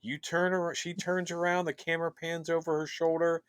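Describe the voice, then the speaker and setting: A man co-hosting a show, chatting in an excited, rambling way with plenty of fillers. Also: fairly high pitch, normal speed, clear, resonant tone, no echo, studio quality. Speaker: podcast co-host. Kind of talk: casual chat.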